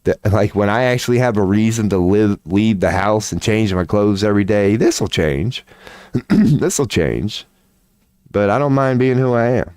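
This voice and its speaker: A man chatting casually on his livestream, candid and profane, telling animated stories and acting out the voices of the people in them. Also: lowish voice, normal speed, smooth, dry recording, studio quality. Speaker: tarot reader and streamer.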